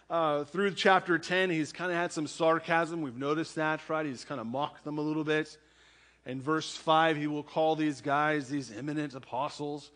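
A pastor preaches from the pulpit in a relaxed, conversational way. He is a man with a slightly higher voice than most men, and he checks in with the listeners again and again by asking "right?". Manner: conversational, asks "right?" often. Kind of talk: sermon with scripture reading and prayer.

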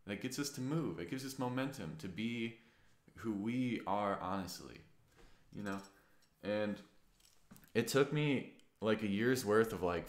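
A man in his twenties telling a personal story in a meandering, earnest way, full of fillers and casual swearing. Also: lowish voice. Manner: earnest and reflective. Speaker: vlogger. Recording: roomy echo.

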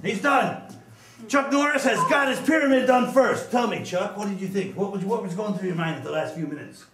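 A man hamming it up loudly as an emcee in an improv comedy scene. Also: high voice, a little fast, crowd noise. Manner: loud, hammy emcee. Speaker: improv performer. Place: stage with live audience. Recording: echoey stage with audience.

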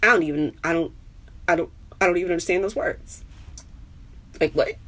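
A brisk, animated woman from New York, she does stand-up and here chats casually with viewers on her own live stream. Her pitch jumps high when she gets excited, and the sound comes from a webcam or phone.

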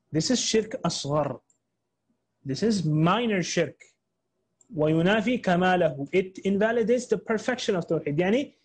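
A man teaching an Islamic studies lesson in English, explaining step by step with many repeats and restarts, and reading quotations quickly. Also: high voice, a little mellow. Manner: reads Arabic quotations quickly, then translates into English. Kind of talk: online class lecture.

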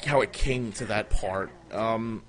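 Taking his time, a man with a lowish voice hosts a livestream of crude, comic tall tales. The telling rambles and is heavy on swearing, with loud jumps into quoted voices.

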